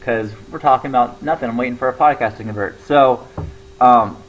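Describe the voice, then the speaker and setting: A man's voice: mid-range voice, fairly quick, slight background noise, low-quality recording. A young man talking casually to camera, rambling with lots of fillers and restarts. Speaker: comedy show regular.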